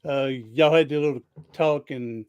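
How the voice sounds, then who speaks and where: A man hosting a podcast interview over a video call, supportive and quick with affirming murmurs. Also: fairly high pitch, darkish tone, smooth, muffled recording. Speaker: podcast host. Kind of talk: casual interview chat.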